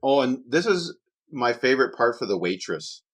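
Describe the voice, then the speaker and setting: A man's voice: medium pitch, very animated, normal speed, crowd noise. A Canadian man co-hosting a casual movie podcast, rambling and laughing as he talks. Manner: laughing, rambling, repeats words. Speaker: podcast co-host. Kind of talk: casual chat.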